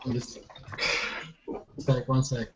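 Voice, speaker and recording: A man's voice: medium pitch, monotone, slow, dark tone. A man chatting on a group call in a playfully dramatic, mock-shocked way. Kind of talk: casual group chat. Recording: muffled call audio with faint noise.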